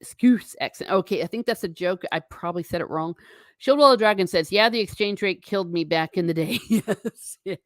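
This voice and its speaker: At a fairly quick pace and medium pitch, an American woman reads viewer comments aloud during her casual livestream, laughing frequently. The recording is dry and of studio quality.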